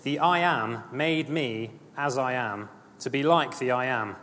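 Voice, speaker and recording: A man's voice: medium pitch, a little slow, a bit bright. Male preacher, earnest, emphatic, repetitive; long hall reverb, faint room noise. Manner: earnest, rising emphatic passages, repeats phrases. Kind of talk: sermon.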